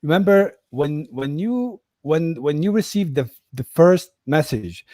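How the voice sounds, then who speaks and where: A man's voice: fairly high pitch, big pitch swings, measured pace, darkish tone, no room sound, studio quality. A man interviewing a scam victim, recapping her story carefully to clarify it. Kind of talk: interview questioning.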